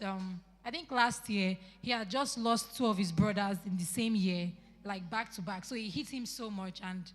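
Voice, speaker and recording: A woman's voice: on the high side, fairly bright tone. A young woman with a Nigerian English accent, chatty and rambling as she asks a question at a church youth meeting in a large church hall. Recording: long hall reverb.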